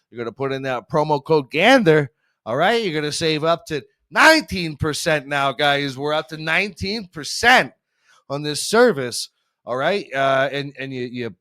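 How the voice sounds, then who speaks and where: A man's voice: fairly high pitch, pushed and bright. A man hosting a casual comedy podcast, irreverent and sarcastic, swearing freely, laughing at his own jokes and slipping into a mock ad-read delivery. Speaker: podcast host.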